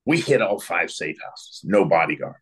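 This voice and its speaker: A low, husky man recounts a story from his days as an interrogator. He talks in quick, clipped bursts and slips into the voices of the people he questioned. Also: expressive. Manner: brisk anecdotal storytelling, acting out quoted exchanges. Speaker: guest, former military interrogator.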